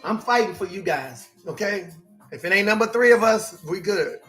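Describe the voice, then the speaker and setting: High, bright-voiced preaching man. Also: expressive, moderate pace, faint music behind. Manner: preachy, shifts between shouting and hushed, repetitive. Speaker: life coach preacher. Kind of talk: sermon-style motivational talk.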